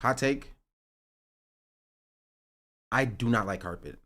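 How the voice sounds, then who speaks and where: A young man streaming live, chatting casually and joking sarcastically, and he sometimes rises into an animated rant. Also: mid-range voice, slow. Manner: joking and sarcastic, reading chat aloud; rising to animated ranting. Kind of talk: casual livestream chat.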